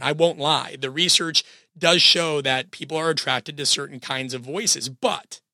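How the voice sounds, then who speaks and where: A man's voice: a little high, sharp tone, no echo, clean studio sound. A man in his thirties, sick with a cold, hosting a solo podcast and coaching his listeners in an earnest, direct way.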